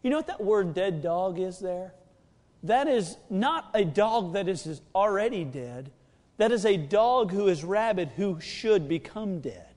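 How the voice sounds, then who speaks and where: High-voiced preacher in an echoing hall. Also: male voice. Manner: swings from quiet to shouting, drawn-out emphasis. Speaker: pastor. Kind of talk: sermon. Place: church sanctuary. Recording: long hall reverb.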